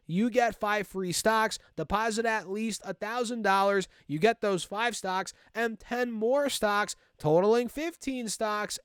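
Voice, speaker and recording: Man, high voice, smooth and clear, energetic stock chat, dry close sound. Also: no room sound. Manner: energetic, addresses viewers as guys. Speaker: stock market YouTuber. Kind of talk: casual chat to camera.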